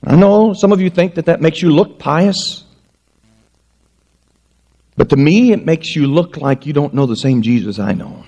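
Animated, higher-voiced male preacher. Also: unhurried, pauses often, lo-fi sound. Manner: animated storytelling with self-mocking jokes. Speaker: pastor. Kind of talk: sermon. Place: church before a congregation.

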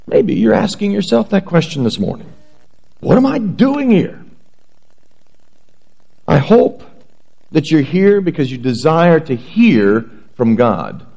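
A man preaching a sermon, reading scripture aloud in a measured, earnest way before praying and beginning his message. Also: mid-range voice, vocal fry, darkish tone, low-quality recording. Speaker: pastor.

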